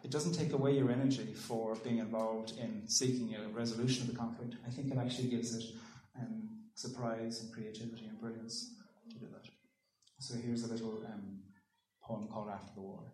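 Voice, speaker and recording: A man's voice: on the low side, flat delivery, dark tone, slight background noise. Reflective man speaking in a roomy hall. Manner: thoughtful, halting with ums and restarts. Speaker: speaker giving a talk. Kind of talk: reflective public talk with poetry reading. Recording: roomy echo.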